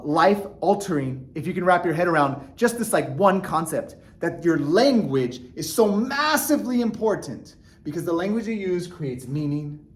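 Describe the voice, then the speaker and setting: Earnest, fired-up man vlogging. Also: on the high side. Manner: earnest, animated, many fillers and restarts. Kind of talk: casual motivational talk to camera.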